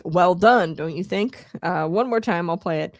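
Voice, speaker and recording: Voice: medium pitch, moderate pace, a little hiss or hum. A host giving casual political commentary, rambling with many fillers. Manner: rambling, filler-heavy, laughs often.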